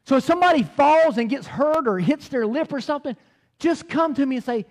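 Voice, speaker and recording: Brief: male pastor, middle-aged, preaching with a high, very lively voice that swings loud and soft. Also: brisk. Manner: animated, repeats words, swings loud and soft. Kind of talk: sermon.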